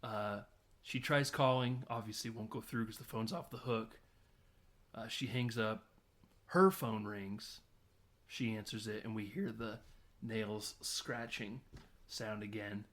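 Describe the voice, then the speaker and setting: A man hosting a podcast in casual chat, telling a film's plot with lively storytelling, frequent laughs and casual swearing. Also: lowish voice, takes it slowly. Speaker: podcast host. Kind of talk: casual movie recap chat.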